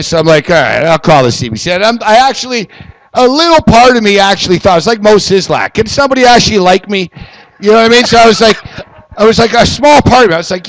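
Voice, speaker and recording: High, gravelly man swearing and laughing. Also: fairly bright tone, no echo. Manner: profane, laughing storyteller. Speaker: podcast co-host. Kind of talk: casual chat. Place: Toronto.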